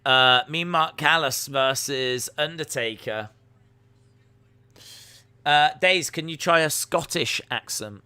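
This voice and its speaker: Slow-talking man with a bright, clear voice. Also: a little high. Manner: jokey, reads out and answers chat. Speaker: live-stream host reacting to wrestling. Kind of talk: casual live-stream commentary.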